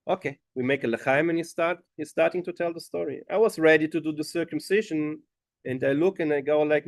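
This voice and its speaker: A rabbi tells a long story to a gathering, slipping into the voices of the people he quotes. His voice sits a little high for a man. The sound is close and dry, with almost no room echo. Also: a little fast. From Germany. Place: gathering hall.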